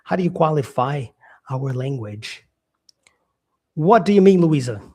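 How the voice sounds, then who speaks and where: A man's voice: fairly high pitch, expressive, a little slow, darkish tone. Brazilian man chatting on a live stream. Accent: Brazilian Portuguese. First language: Portuguese. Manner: chatty, reading out viewer comments, frequent fillers. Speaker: English teacher hosting a live stream. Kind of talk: casual live-stream chat.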